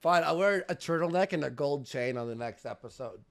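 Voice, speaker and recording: High-pitched, gravelly exasperated man. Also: lively intonation, brisk. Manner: exasperated, shouting objections. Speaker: podcast co-host. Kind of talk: casual comedy podcast banter.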